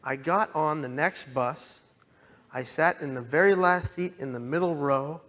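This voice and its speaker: A man telling his own story as a dramatic testimony, impassioned and pleading, swinging from hushed lines to loud outbursts. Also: fairly high pitch, unhurried. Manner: pleading, directly addresses listeners. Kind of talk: dramatic personal testimony talk.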